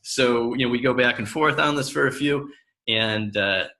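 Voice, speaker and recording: Animated storytelling man, bright tone. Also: mid-range voice, moderate pace. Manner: animated storyteller who acts out the voices of the people in his stories. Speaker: coach. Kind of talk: personal storytelling talk.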